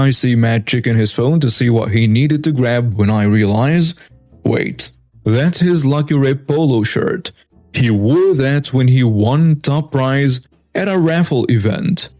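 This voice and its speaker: A man narrating a first-person story in a brisk, scripted way. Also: mid-range voice, darkish tone, dry recording. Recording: dry with faint music.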